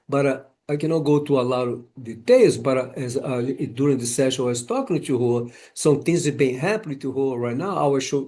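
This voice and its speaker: A man hosting a casual conversation, talking haltingly with many repeated words and restarts. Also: mid-range voice, warm tone. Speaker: podcast host and healing practitioner. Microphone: home camera setup.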